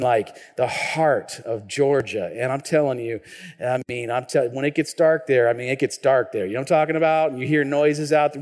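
A man in his thirties from Washington state, a pastor preaching a sermon in an animated, conversational way, with frequent restarts and questions to the congregation. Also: mid-range voice. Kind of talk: sermon with personal storytelling. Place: church sanctuary. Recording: long reverb of a church hall.

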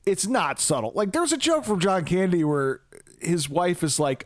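Lively man retelling movie scenes. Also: high-pitched, normal speed, no room sound, studio quality. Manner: animated retelling, acts out quotes, laughs often. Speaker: podcast co-host. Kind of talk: casual movie review chat.

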